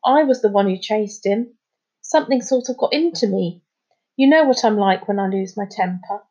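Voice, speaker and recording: A woman reading aloud as a hot-tempered young boy with a gruff, blunt way of talking. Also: mid-range voice, moderate pace, warm tone, natural voice. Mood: guilty. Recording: slightly muffled recording.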